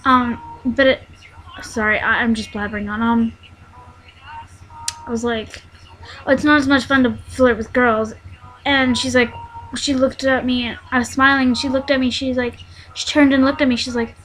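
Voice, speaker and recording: A teenage girl telling a personal story in a vlog, halting and rambling, with many fillers and restarts. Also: fairly high pitch, fairly even intonation, a bit bright, rough recording. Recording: faint background noise.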